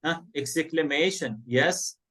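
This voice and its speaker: Arabic-accented male teacher, slightly high voice. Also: a little slow, fairly bright tone. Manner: switches between English and Arabic, asks students questions. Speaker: English teacher. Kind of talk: online class teaching.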